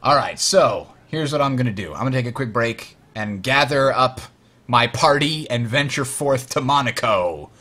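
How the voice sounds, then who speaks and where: A young man hosts a casual gaming show, relaxed, laughing often and talking with many fillers. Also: medium pitch, moderate pace. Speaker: podcast and stream host.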